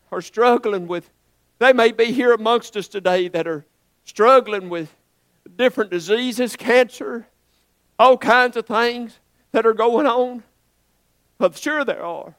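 A man's voice: very high-pitched, unhurried, pauses often, fairly bright tone, clear, resonant tone, no echo. A man preaching a sermon in a folksy, earnest way, rising to emphatic swells.

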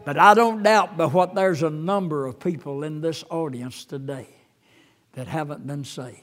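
An older man preaching a sermon as a pastor, halting with fillers, then rising fervently when he quotes scripture. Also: fairly high pitch, fairly bright tone.

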